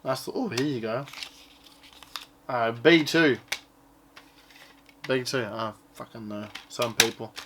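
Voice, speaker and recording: A man speaks slowly with long pauses, his mid-range voice set against background noise. He's a collector casually showing off what he bought, rambling offhandedly and swearing from time to time.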